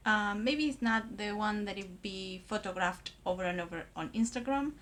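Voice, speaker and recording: An Argentine woman who makes makeup videos walks through a tutorial hesitantly, with many pauses and filler words. Her voice is mid-range and a bit bright.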